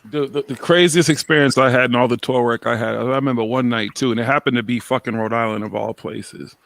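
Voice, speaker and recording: A man telling an animated story in casual chat, swearing often. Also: mid-range voice, quick pace, vocal fry, dry recording.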